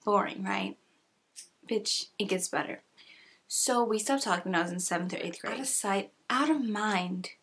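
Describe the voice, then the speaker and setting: A young woman from California telling a casual storytime, chatty and sassy, full of "like" with soft whispered asides. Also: medium pitch, normal speed, slightly rough. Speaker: YouTuber.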